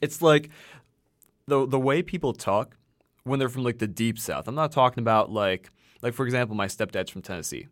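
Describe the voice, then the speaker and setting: A man's voice: medium pitch, normal speed. A young man from the American Midwest, co-hosting a casual chat, telling rambling stories and swearing freely. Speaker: podcast co-host.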